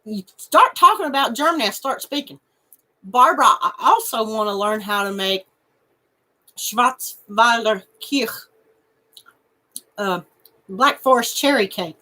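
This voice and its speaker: A woman's voice: a little high, animated, moderate pace, pushed and bright. A woman hosting a crochet channel, chatting casually with viewers and laughing and snorting often. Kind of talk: casual live chat reading viewer comments.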